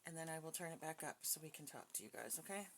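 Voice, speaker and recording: A woman's voice: sits low, lively intonation, quick pace, heavy background noise. A woman giving a casual psychic reading from home. She sounds chatty and hesitant, with many fillers and frequent small laughs. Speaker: psychic reader. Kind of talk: casual spoken reading with a recited prayer. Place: home with dogs nearby.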